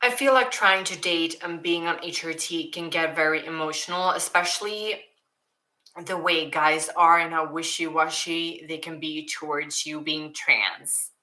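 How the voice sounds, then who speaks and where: A woman's voice: deep voice, steady tone, a little slow, pushed and bright, poor audio. A young woman with a Swedish accent answering viewer questions in a casual, emotional chat, often laughing and filled with "like" and "um". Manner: emotional, giggly, many likes and ums.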